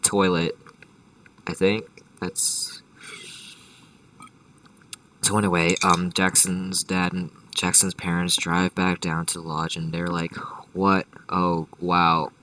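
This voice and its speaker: A deep-voiced man spins an improvised comedy story, rambling and swearing, with constant restarts and tangents. His voice is forceful, and he sits a bit back from the mic in a dry room. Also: little pitch movement, takes it slowly, pauses often, far from the mic, poor audio. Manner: rambling and profane, many restarts and asides. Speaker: storyteller host.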